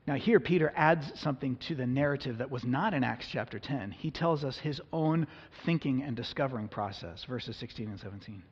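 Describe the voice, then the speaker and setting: A man's voice: medium pitch, fairly quick, hardly any pauses, slightly rough. A man preaching a sermon in a church, reading scripture and explaining it in an earnest, conversational way. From United States. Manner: earnest, conversational, acts out the people in the passage. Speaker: pastor. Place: church sanctuary. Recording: long hall reverb, dull lo-fi sound.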